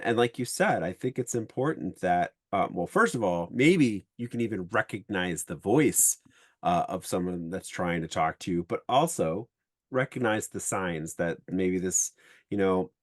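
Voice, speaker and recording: A man hosts a podcast in a rather low voice, recorded dry and close. He talks in a loose, rambling way, full of fillers, while he works toward his point. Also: no room sound. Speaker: podcast host. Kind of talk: casual interview chat.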